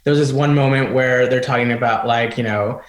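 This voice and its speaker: A man guesting on a film discussion, telling stories in an animated way and playfully mimicking lines. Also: medium pitch, fairly quick, echoey room. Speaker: guest actor.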